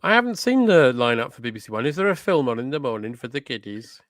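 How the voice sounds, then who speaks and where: A man co-hosts a comedy show with dry, deadpan quips. He talks fast. The recording is close and dry, with no room echo. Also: mid-range voice. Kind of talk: casual comedic chat.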